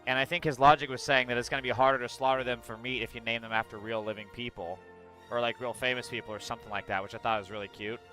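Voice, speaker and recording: Man, streamer, casual livestream chat, blunt and profane, bright voice, faint music behind. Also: medium pitch, steady tone, quick pace. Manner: blunt, profane and chatty, reacts aloud while reading news.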